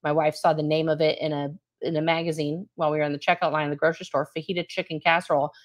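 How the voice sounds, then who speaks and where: A middle-aged woman with a fairly low voice talks through her thoughts on a casual livestream. She rambles reflectively, leaning on fillers and checking in with her listener. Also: level tone, racing. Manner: reflective, rambling, many fillers like "you know what I mean". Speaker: co-host.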